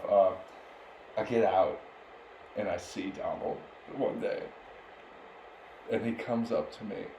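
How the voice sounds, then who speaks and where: A young man on a podcast, rambling through a story and laughing often as he goes. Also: lowish voice. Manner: laughs often while telling stories, rambling. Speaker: podcast co-host. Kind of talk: casual storytelling chat. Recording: roomy echo with faint background noise.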